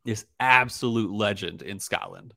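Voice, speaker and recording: A man's voice: fairly low pitch, measured pace, gravelly, sharp tone, no echo. A young man hosting a casual podcast chat, rambling with lots of fillers and easy laughter. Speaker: podcast host.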